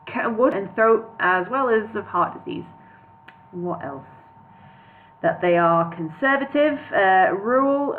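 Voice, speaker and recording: A woman reading a book aloud in her flat, stumbling over words and breaking off for laughing asides. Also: a little high. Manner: reads with slips, laughs and casual asides. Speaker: audiobook reader. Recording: tinny phone-like sound with faint hiss.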